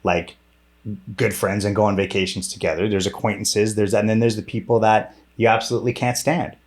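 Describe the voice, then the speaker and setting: A man's voice: on the low side, little pitch movement, brisk. Blunt, profane man in a candid interview. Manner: blunt and profane, full of fillers and restarts. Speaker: podcast guest, director and former stunt performer.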